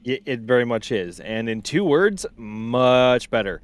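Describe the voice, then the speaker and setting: A man's voice: medium pitch, animated, unhurried, no room sound. A man co-hosting a live commentary stream, speaking hesitantly with lots of fillers and restarts. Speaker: co-host.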